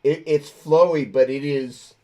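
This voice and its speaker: A man's voice: fairly high pitch, fairly even intonation, unhurried, warm tone. Rambling man hosting a gear chat. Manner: rambling, self-correcting storyteller. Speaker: host. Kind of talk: casual chat.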